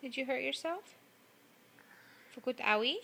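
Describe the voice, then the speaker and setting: A woman's voice: high-pitched, animated, moderate pace, gravelly, sharp tone. A mother at home talking to her toddler in a coaxing, sing-song voice. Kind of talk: casual talk to a toddler. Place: at home indoors.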